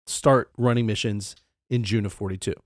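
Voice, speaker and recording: A man co-hosting a podcast, telling a history story in a casual, profane, animated way. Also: on the low side, moderate pace, no room sound, studio quality. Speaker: podcast co-host.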